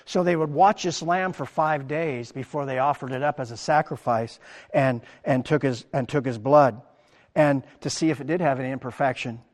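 A man preaching a sermon as pastor, animated, acting out the crowd's words in his talk. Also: mid-range voice, normal speed, long reverb tail. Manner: animated preaching, acts out quoted crowd lines.

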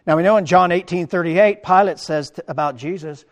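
A man preaching a sermon as pastor, animated, acting out the crowd's words in his talk. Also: on the high side, moderate pace, few pauses, big-room sound. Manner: animated preaching, acts out quoted crowd lines.

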